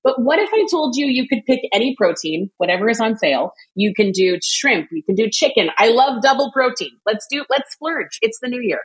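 A bubbly woman with a fairly high voice, chatting in a relaxed way. She tells stories with quick asides and laughs often. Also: rough recording. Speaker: cooking guest. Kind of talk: casual chat.

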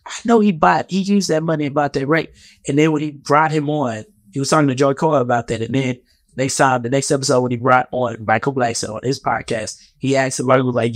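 A man's voice: medium pitch, fairly even intonation, a little fast, no echo, clean studio sound. A man giving a heated, profane, rambling commentary rant in a casual vlog.

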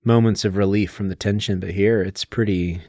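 A man's voice: low-pitched, steady tone, normal speed, mellow, no echo, studio quality. A man co-hosting a podcast, explaining things at length in a casual, lecturing way with plenty of fillers. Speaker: podcast co-host. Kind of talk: casual literary discussion.

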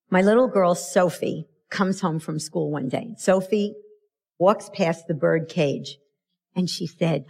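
Middle-aged woman, parenting speaker, slow and emphatic, acts out quotes in her stories. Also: on the low side, creaky. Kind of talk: motivational talk to an audience.

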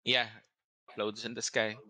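A man narrating a tabletop game as game master, in a measured, descriptive way. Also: fairly low pitch, level tone, sharp tone, dry recording.

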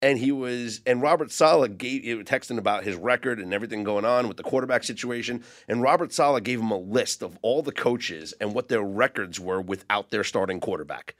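A man's voice: mid-range voice, brisk, few pauses. A man on a sports betting podcast, casually recounting football news in detail.

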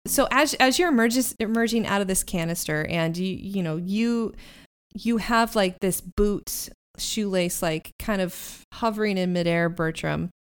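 A woman running a tabletop game as game master, her voice at an ordinary mid pitch. She improvises the scene in halting bursts, restarting often. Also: clear, resonant tone. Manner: halting, hesitant, improvised narration.

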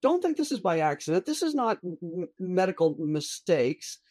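A woman's voice: on the low side, big pitch swings, moderate pace, mellow, dry recording. A woman physician talking as a guest in a casual discussion, blunt and emphatic.

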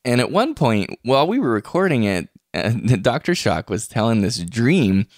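A man's voice: mid-range voice, very animated, normal speed, no echo, studio quality. A man hosting a podcast in casual chat, chatty and laughing often. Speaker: podcast host. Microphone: podcast microphone.

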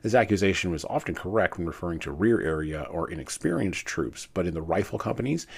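A man reading a war memoir aloud in a measured way with dramatic pauses, then commenting on it. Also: deep voice, creaky, slightly rough. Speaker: reader and commentator.

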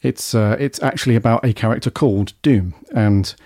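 Mellow-voiced podcast host. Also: male voice, medium pitch, fairly quick, no echo, clean studio sound. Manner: chatty, upbeat British slang. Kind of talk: casual podcast chat.

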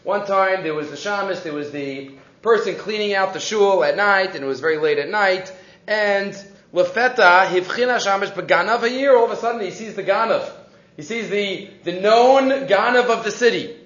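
Animated high-voiced man teaching Torah. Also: normal speed, reverberant, lo-fi sound. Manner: animated storytelling, mixing Hebrew and English, frequent restarts. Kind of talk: weekly Torah class.

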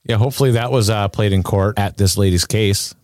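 A man's voice: on the low side, a little fast, a little mellow, dry recording, studio quality. Blunt outraged man co-host. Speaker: podcast co-host. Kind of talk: casual chat.

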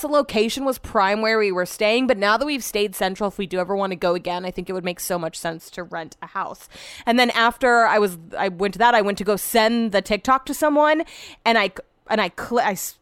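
Lady podcaster rambling on solo, cursing here and there, clear voice, dead dry sound. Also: medium pitch, a bit bright, no room sound. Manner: rambling, chatty, swears freely, trails off mid-sentence. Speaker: podcast host. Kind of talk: casual solo podcast chat. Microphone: podcast microphone.

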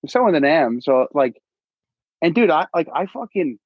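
A man's voice: a little high, sing-song, moderate pace, husky, no room sound, dull audio. A young man in casual podcast chat, telling rambling stories, laughing at himself and swearing casually. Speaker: podcast guest, comedian.

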